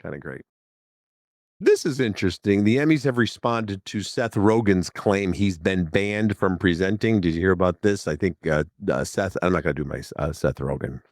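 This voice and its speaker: A man in his sixties from the Chicago area talks through a casual podcast monologue. His low voice wanders from one point to the next with frequent chuckles. The sound is dry and close to the mic, with no room around it. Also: normal speed, no room sound. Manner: chatty, digressive, chuckling often. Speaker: podcast host.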